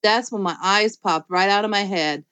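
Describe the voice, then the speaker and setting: A woman narrating a children's storybook in first person, lively and playful. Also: mid-range voice, moderate pace, smooth, no room sound. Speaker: audiobook reader.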